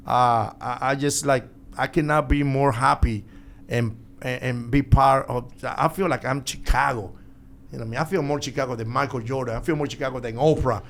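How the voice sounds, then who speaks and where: A middle-aged man talking as a guest in a podcast studio, animated and laughing often, speaking English with loose, non-native grammar. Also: medium pitch, brisk, slight background noise. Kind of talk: casual podcast chat.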